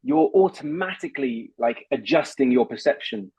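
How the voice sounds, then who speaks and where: A man who is a voice coach, explaining techniques in an animated, instructive way and laughing often. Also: medium pitch, normal speed, vocal fry, slightly rough, no echo, poor audio. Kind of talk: instructive conversation.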